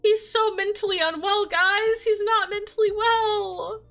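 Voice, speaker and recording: An animated young woman talks casually about a story, emotional and quick to laugh. Her voice is high and bright. Faint music plays behind her. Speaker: video creator. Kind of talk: casual chat.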